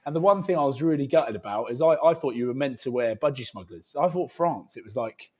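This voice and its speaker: A man's voice: medium pitch, lively intonation, fairly quick, mellow, breathy edge. A man co-hosting a rugby podcast, telling joking stories in casual banter. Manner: joking, banter-heavy storytelling. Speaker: podcast co-host. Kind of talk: casual chat.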